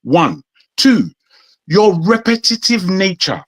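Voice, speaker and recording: A man's voice: high-pitched, big pitch swings, slow, dry recording. A man from Nigeria with a British accent, speaking insistently as a guest in a heated debate. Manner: indignant, insistent, repeats for emphasis. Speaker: panel guest.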